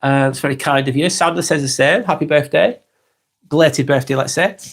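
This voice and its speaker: A man in his forties with a Lancashire accent, hosting a calm live vlog and reading comments while he has a cold. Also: a little high, gravelly. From East Lancashire, England. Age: 40s. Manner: unhurried, reflective, musing aloud with tag questions.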